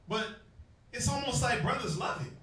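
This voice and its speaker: Fiery preacher, high and bright. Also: male voice, expressive, normal speed, a little hiss or hum. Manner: fiery, keeps firing questions at the crowd. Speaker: street preacher. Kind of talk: call-and-response Bible teaching. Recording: echoey space, far from the mic.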